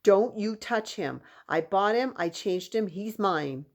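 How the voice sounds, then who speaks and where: A woman voicing a possessive, bratty boy who whines and shouts. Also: mid-range voice, lively intonation, slow. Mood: defiant. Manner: whiny, shouting.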